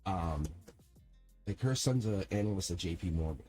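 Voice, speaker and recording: A middle-aged man chatting casually as a tarot reader on a live stream, telling a story in a rambling, animated way with many laughs and restarts. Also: sits low, moderate pace, husky, soft background music.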